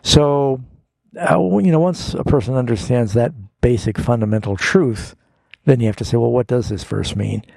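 A man answers a caller's Bible question in a patient, folksy tone. His voice is gravelly and mellow, and it is recorded dry and close. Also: mid-range voice, normal speed, no echo. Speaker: radio Bible program host, pastor.

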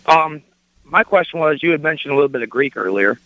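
A man's voice: fairly high pitch, animated, brisk, pushed and bright, no room sound. A man calling in to a radio show, asking a question in a hesitant way with lots of ums. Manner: hesitant, many fillers. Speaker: caller. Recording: dull phone-in line.

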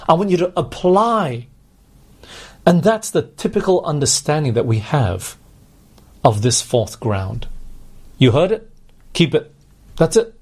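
A man's voice: mid-range voice, expressive, a little slow, darkish tone, slightly rough. A man preaching a sermon, earnestly putting questions to his congregation.

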